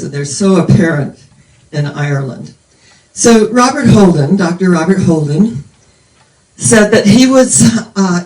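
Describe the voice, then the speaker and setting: A woman's voice: fairly low pitch, darkish tone. Older woman preacher, distant roomy sound. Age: 70s. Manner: meandering storytelling. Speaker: minister. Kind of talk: sermon.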